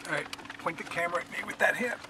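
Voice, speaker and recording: A man's voice: high voice, racing. Man directing the camera from afar. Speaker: videographer on a road trip. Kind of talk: casual chat. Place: car or camper on a road trip. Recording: distant voice with faint noise.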